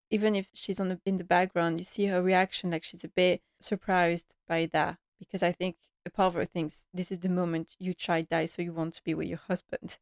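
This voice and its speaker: A woman talks through a drama episode in a casual recap. Her voice is fairly low and stays flat in its tune. She sounds earnest and emotional, fills her talk with likes, and the sound is close and dry. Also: dry recording. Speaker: TV series recap vlogger.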